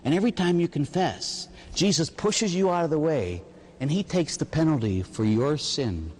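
A middle-aged priest from the Pittsburgh area giving a homily on confession, telling stories and acting out penitents with a rhetorical "huh?". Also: male voice, a little high, normal speed, big-room sound, a little hiss or hum. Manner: animated storytelling, acts out penitents and God with rhetorical "huh?".

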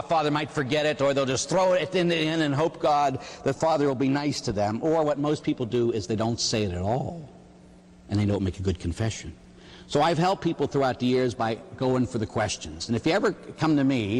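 Animated priest in a reverberant hall. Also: male voice, mid-range voice. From Pittsburgh area, US. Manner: animated storytelling, acts out penitents and God with rhetorical "huh?". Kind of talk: homily on confession.

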